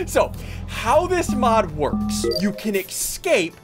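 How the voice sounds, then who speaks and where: A man hosting excited gameplay commentary, explaining as he plays and often yelling and laughing. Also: high voice, slow pace. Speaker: gaming YouTuber host. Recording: music playing underneath.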